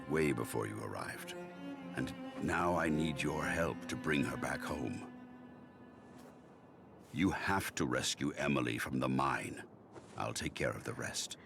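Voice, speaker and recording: A man voicing a mysterious guardian spirit who speaks in a calm, commanding way. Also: very deep voice, unhurried, gravelly, pauses often, music in the background, heavily acted.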